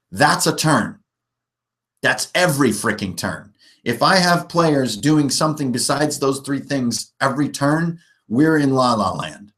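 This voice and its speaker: A man's voice: medium pitch, a bit bright. A man teaching beginners how to run a tabletop game on a livestream, blunt and emphatic.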